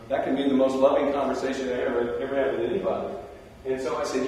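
A man giving a sermon, telling the story in a conversational way with animated asides. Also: mid-range voice, fast talker, hardly any pauses. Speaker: preacher. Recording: roomy hall, distant mic.

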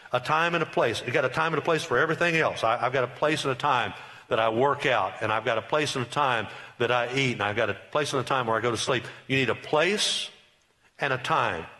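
Bright-voiced emphatic preacher. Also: male voice, medium pitch. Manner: emphatic, repetitive preaching with rising bursts. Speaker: pastor. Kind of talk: sermon.

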